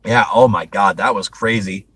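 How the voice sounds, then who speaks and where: A man's voice: fairly low pitch, moderate pace, a bit bright, breathy edge, no room sound, rough recording. A man hosting a casual movie review chat, rambling with frequent restarts and laughing often. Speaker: host.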